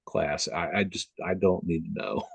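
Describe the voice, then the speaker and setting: A man's voice: deep voice, vocal fry, lo-fi sound, a little hiss or hum. A man from the Upper Midwest chatting as a guest on a video call, rambling with lots of fillers and restarts. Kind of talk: casual conversation on a video call.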